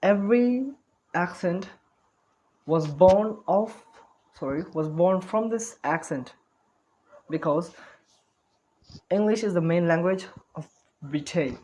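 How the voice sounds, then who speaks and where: Slow-talking man teaching spoken English. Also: high voice, expressive, a little mellow, rough recording. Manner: careful, repeats words and corrects himself. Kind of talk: online English lesson.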